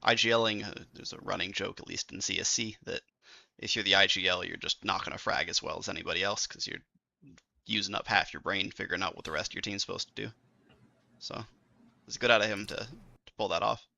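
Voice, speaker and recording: A male esports caster talks through a match in a casual analytical way. His voice is strikingly bright and edged with gravelly fry, with a slightly low pitch. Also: fairly quick, lo-fi sound. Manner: analytical, reads out stats. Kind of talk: analysis commentary.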